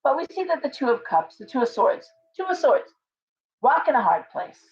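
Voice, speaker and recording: A woman's voice: sits high, sing-song, normal speed, darkish tone. A woman hosting a casual livestream tarot reading, talking in a chatty, rambling way with restarts and asides. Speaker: tarot reader, livestream host. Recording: dull lo-fi stream audio.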